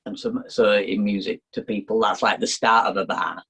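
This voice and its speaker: A man's voice: lowish voice, fairly even intonation, normal speed, creaky, fairly bright tone, husky, rough recording. A man hosting a casual conversation as a musician, asking loose questions and chatting with fillers. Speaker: host, musician.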